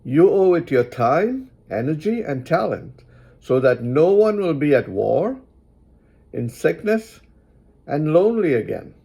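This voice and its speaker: A man giving moral advice in a reflective spoken monologue, deliberately repeating lines for emphasis. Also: on the high side, very animated, gravelly, mellow, breathy edge.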